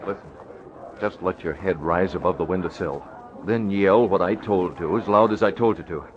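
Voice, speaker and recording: An actor playing a calm, commanding masked vigilante who gives quick, urgent instructions, in an old radio drama. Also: male voice, low-pitched, noisy background, natural voice. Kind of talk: 1940s radio acting. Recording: dull lo-fi old radio recording.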